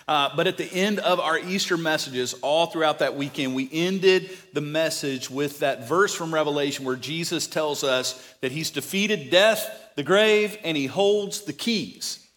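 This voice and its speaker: A man speaks as pastor from the stage of a church auditorium. His voice runs a touch higher than usual as he opens a new sermon series. He introduces the guest preacher with eager enthusiasm. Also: measured pace, few pauses, fairly bright tone.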